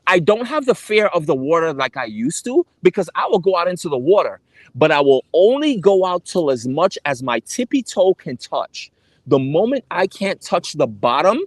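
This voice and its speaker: Young male travel vlogger, earnest confessional storyteller, slightly high voice, dry close recording. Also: no room sound. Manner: earnest, emphatic, repeats himself. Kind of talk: personal storytelling to camera.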